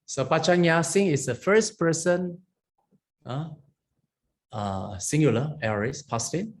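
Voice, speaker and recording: A man, teaching Pali grammar as a monastic teacher. He explains patiently, often checks in with "huh?" and "okay?", and chants Pali phrases slowly. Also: on the high side.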